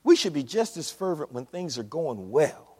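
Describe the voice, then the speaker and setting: A pastor preaching a sermon in a church, animated with call-and-response. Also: male voice, fairly high pitch, normal speed, slightly rough. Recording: long hall reverb.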